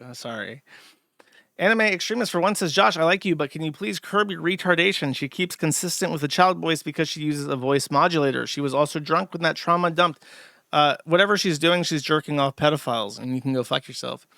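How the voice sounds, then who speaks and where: A man with a slightly high, gravelly voice reads donation messages on a livestream and answers them bluntly and with heavy profanity. His tone is sardonic and casual. The sound is dry and close, with no room echo. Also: brisk, sharp tone. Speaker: streamer reading viewer donations.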